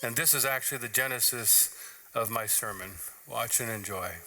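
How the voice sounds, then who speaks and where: A man's voice: mid-range voice, normal speed, sharp tone. A man, a pastor, giving an earnest, conversational sermon in church.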